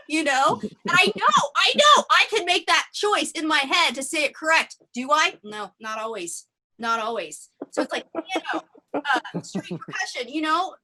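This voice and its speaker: A woman's voice: high voice, very animated, moderate pace, pushed and bright. A woman doing improvised stand-up comedy in a rambling, self-deprecating way, full of fillers and tangents. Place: theatre stage.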